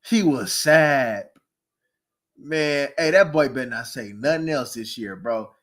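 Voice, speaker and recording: A man, ranting casually about football, animated and mocking, often breaking into laughs and loud outbursts. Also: medium pitch, slow. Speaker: sports commentator. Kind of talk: casual sports rant. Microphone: streaming mic.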